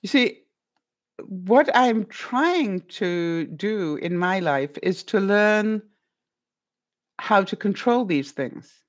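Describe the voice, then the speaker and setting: A middle-aged woman chatting on her livestream, musing aloud with plenty of ums and questions for her viewers. Her pitch is mid-range, her delivery animated and conversational. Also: drawn-out words. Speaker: vlogger reading viewer comments. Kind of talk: casual livestream chat.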